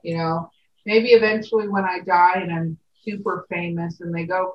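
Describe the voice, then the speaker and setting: A woman from California chatting casually as a co-host, telling animated stories. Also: on the low side, moderate pace, a little hiss or hum. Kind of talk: casual chat. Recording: distant, roomy and muffled.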